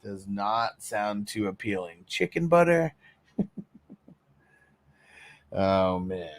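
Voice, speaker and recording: A man hosting a casual fantasy football live stream, reading viewer comments aloud, cursing freely and laughing often, sometimes animated and sometimes mumbling low. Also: slow pace, no room sound, studio quality. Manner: profane, laughing, swings between animated and mumbling. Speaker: fantasy football podcast host.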